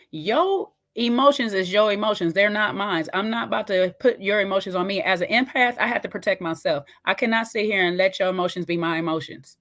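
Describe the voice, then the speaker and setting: At a medium pitch with a bit of brightness, a woman reacts to a clip as the host of a reaction video. She's casual yet sassy and emphatic, speaking right to the viewer.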